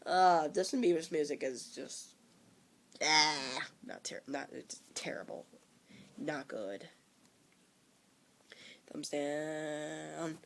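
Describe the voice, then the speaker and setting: A young man in his teens with a cold, rambling casually about movies he likes and dislikes, with frequent halting restarts. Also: a little high, creaky, a bit bright, slight background noise. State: coming down with a cold. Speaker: vlogger.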